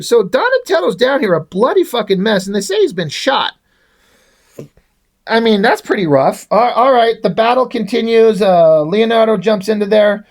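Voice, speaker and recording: High-voiced man rambling through a comic review. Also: lively intonation, normal speed. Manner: rambling and profane, with restarts.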